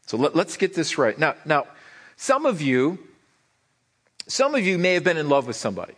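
A man's voice: fairly high pitch, sing-song, moderate pace, a bit bright. A middle-aged man preaching a sermon as pastor, conversational and joking, often repeating words as he starts a sentence.

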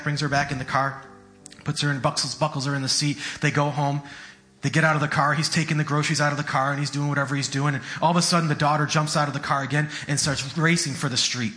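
A man's voice: a little high, flat delivery, fast, pushed and bright, soft background music. A man preaching a sermon in an earnest, conversational way, often repeating his words.

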